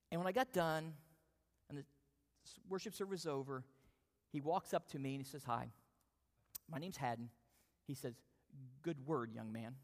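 High-voiced preacher telling a story. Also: male voice. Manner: storytelling, animated, self-deprecating. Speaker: pastor. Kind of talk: sermon with personal story. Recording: long hall reverb.

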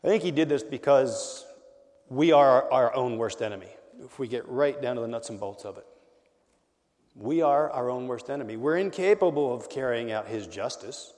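A man preaching a conversational sermon as a pastor, swinging between loud emphasis and quiet, intimate lines. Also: medium pitch, expressive, normal speed, big-room sound.

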